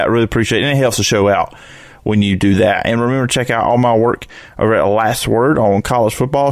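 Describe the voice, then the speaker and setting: A man's voice: mid-range voice, dry recording, studio quality. A man with an Alabama accent hosting a sports podcast, upbeat and casual with frequent fillers. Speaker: podcast host.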